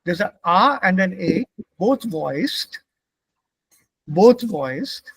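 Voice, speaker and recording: A man's voice: sits high, sing-song, very slow, a bit bright, husky, no room sound. A middle-aged man, patiently explaining German pronunciation rules to a class step by step.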